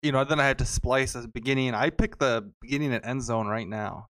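A man's voice: mid-range voice, steady tone, a little fast, fairly bright tone. A man co-hosting a podcast in casual chat, joking and calling his partner "dude" and "bro". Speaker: podcast co-host.

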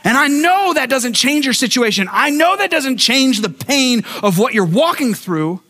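Man, pastor, sermon, high-pitched voice, animated storytelling, repeats words on restarts. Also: moderate pace. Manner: repeats words when starting thoughts.

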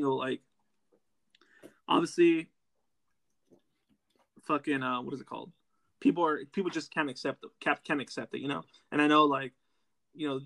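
A man's voice: fairly high pitch, vocal fry, fairly bright tone, no room sound. A man ranting heatedly and profanely in casual podcast chat. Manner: heated, profane, fast rant.

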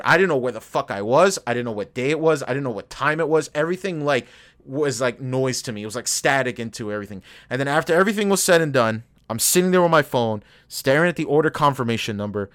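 A man co-hosting a podcast, telling a story in casual chat, swearing a lot and getting worked up in bursts. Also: medium pitch. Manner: profane, animated, rants in bursts. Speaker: podcast co-host.

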